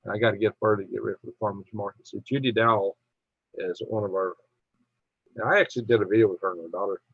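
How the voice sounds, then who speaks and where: A man's voice: lowish voice, steady tone, racing, vocal fry, husky, no echo, highs cut off. A middle-aged man hosting a casual live stream, reading viewer comments aloud in a chatty, tired way. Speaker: livestream host.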